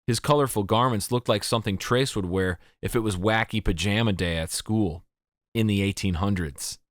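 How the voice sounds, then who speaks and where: A man with a fairly low voice reads a fantasy audiobook at a measured, steady pace. The sound is dry and close, with no room around it. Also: no echo. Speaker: audiobook narrator. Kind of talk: scripted narration.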